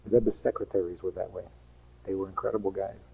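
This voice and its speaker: A man's voice: sits low, steady tone, fast, creaky, breathy edge, lo-fi sound. A man, a rabbi, giving an emphatic teaching talk full of rhetorical questions and acted-out quotes.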